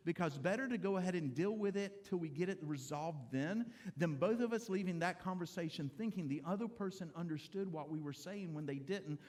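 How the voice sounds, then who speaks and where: A man's voice: on the high side, a little mellow. A middle-aged man, a pastor, giving a conversational, humorous sermon in a church and speaking straight to the congregation. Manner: conversational, humorous preaching addressing the congregation directly. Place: church sanctuary.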